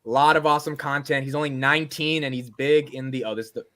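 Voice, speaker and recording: A man hosting a podcast who chats casually in a playful, excitable, teasing way. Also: mid-range voice, fast talker. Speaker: podcast host. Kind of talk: casual chat.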